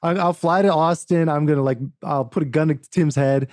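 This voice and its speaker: Podcast guest: a man with a warm, slightly higher voice, recorded dry, retelling a story and acting out the dialogue. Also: fairly quick, no echo. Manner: animated, acts out quoted dialogue with frequent restarts. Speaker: author and book producer, podcast guest. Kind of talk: casual interview storytelling.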